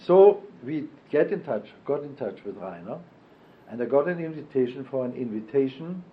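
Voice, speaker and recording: Older male interviewee, middle pitch, halting and self-correcting; muffled lo-fi tape. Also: lively intonation. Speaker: oral history interviewee. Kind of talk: reminiscing oral history interview. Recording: dull lo-fi archival tape.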